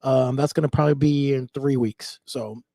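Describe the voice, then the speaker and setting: A man's voice: mid-range voice, fairly even intonation, normal speed, mellow, no room sound, clean studio sound. A man hosting a podcast, chatting casually, reading out viewer comments and agreeing with his co-host. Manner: easygoing, agreeable, many short acknowledgements.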